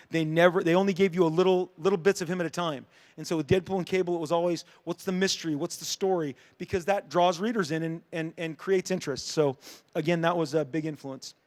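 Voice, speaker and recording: A middle-aged man, a comic book creator, answering audience questions at a convention panel with animated, joking storytelling. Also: high voice. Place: dark convention panel room.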